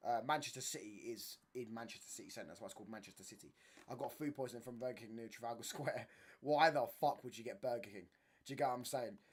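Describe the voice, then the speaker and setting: Husky and mid-range, this young channel host talks quickly on a casual livestream, reading comments and rambling in slang. He keeps asking "you get what I'm saying."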